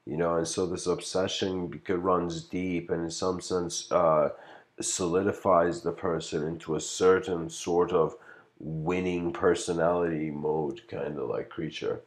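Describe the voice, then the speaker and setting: Deep-voiced man giving a rambling lecture. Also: level tone, unhurried. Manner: rambling, full of "you know" fillers; reflective, philosophical musing. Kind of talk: casual livestreamed lecture.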